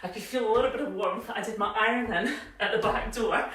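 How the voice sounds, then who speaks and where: This Scottish woman leads a live home workout, encouraging and chatty, cueing movements with lots of "yeah?" while slightly out of breath from joining in. Her voice is a little high, a little fast and fairly bright, captured from afar in a very echoey room.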